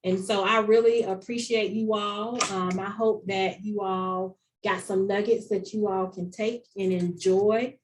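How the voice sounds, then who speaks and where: A woman's voice: medium pitch, fairly even intonation, a little slow, hardly any pauses, recorded from a distance, slight background noise, low-quality recording. A woman with a Southern US accent giving an online conference presentation, earnest and repeating key phrases for emphasis. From North Carolina. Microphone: video call.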